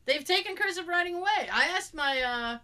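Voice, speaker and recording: A woman's voice: extremely high pitch, brisk. A woman chatting casually as a co-host, swearing freely and acting out quotes while she tells stories. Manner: animated storyteller who swears and acts out quotes. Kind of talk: casual chat.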